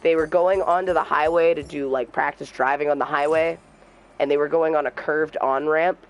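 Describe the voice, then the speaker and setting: A young man streaming a game, telling a personal story in a soft, halting voice and trash-talking the game now and then. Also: a little high, rough recording. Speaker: gamer streamer. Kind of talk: casual storytelling while gaming.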